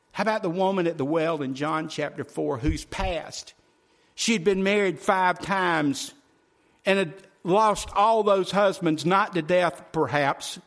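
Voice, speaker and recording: A male preacher delivering a sermon in a slightly high voice, folksy and direct with his congregation. He swings between loud, pressing phrases and quiet, hushed ones.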